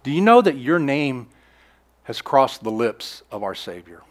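A man preaching a sermon in an earnest, repetitive style, swinging between emphatic declarations and hushed asides. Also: medium pitch, sing-song, measured pace. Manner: repeats phrases and restarts mid-sentence. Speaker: pastor.

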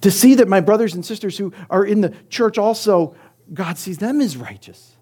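A middle-aged male pastor preaching a sermon, emphatic, using rhetorical questions and swinging between loud and soft delivery. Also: sits high, expressive, normal speed, slightly rough.

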